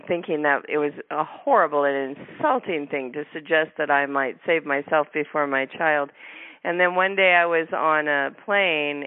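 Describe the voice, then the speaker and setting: A woman host chatting on a tinny phone line, talkative and quick to laugh. The sound is dry and close, with no room around her. She restarts her sentences now and then as she talks. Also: low-pitched, clean tone, dry recording. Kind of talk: casual interview chat.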